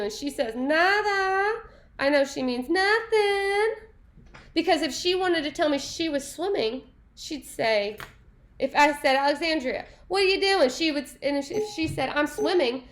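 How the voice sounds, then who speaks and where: A woman teaching a Spanish class, upbeat and playful, praising answers and breaking into quick asides. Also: high-pitched, fairly bright tone. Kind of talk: classroom lesson.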